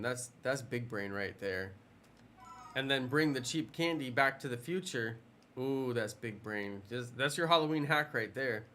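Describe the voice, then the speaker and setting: Male game streamer, mid-pitched, bright, rambling casual banter with viewers. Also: a little hiss or hum. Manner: rambling, playful, chatting with viewers. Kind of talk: casual live stream chat.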